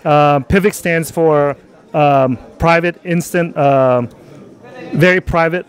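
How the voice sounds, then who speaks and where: A man's voice: on the high side, slow. A man hosting a casual interview outdoors at a conference, loose and jokey with many fillers. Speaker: channel host.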